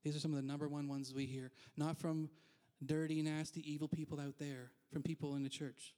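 Brief: male pastor, fairly high voice, candid chatty sermon with asides. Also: little pitch movement, fairly quick, warm tone. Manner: candid, self-deprecating, frequent asides. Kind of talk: conversational sermon.

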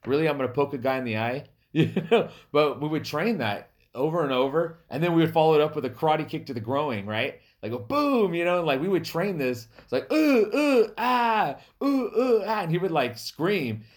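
Animated, laughing male podcast host. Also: on the high side, fairly quick, hardly any pauses. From US Native American reservation. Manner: animated, laughs often, acts out quoted people. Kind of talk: casual storytelling chat.

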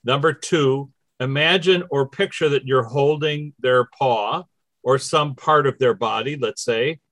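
A man's voice: mid-range voice, unhurried, fairly bright tone, dry recording. A man hosting a casual spiritual chat, walking listeners through numbered steps. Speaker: host.

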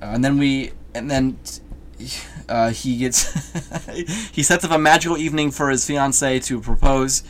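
A man's voice: medium pitch, a little slow, a little hiss or hum. Rambling man chatting about a movie. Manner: rambling, laughs easily, trails off. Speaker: podcast co-host reviewing a movie. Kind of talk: casual chat.

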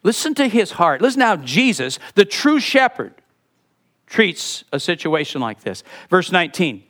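Animated high-voiced male preacher. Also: a little slow. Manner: animated preaching with dramatic drops to soft voice. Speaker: pastor. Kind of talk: sermon.

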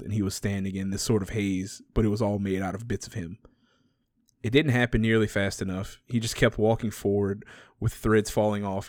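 A man's voice: on the low side, darkish tone, no echo, clean studio sound. A man chatting casually and retelling a story, laughing often and swearing freely.

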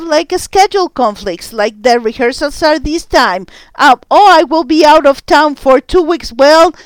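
A woman's voice: sits high, no room sound. A woman theater director being interviewed, speaking earnestly and with emphasis. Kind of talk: interview guest.

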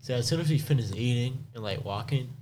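Young man, podcast co-host, casual chat, laughing storyteller, swears, medium pitch. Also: fast, darkish tone, a little hiss or hum.

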